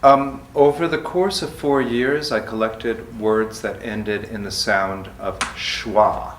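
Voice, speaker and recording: A man poet calmly explaining his book project in a slow, measured way, then chanting long lists of words. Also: on the low side. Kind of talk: talk and poetry reading. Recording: echoey room from far off, faint noise.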